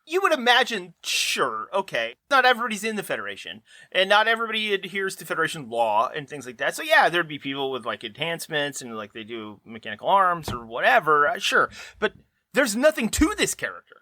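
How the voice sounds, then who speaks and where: Man, podcast co-host, incredulous ranting, lively pitch, bright tense tone, dry close mic. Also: a little fast, dry recording. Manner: incredulous, animated rants with rhetorical questions. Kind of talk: casual critical chat.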